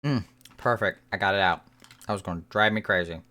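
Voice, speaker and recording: Very low-voiced woman streamer. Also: a little fast, sharp tone. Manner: offhand, joking. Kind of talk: casual gameplay chat.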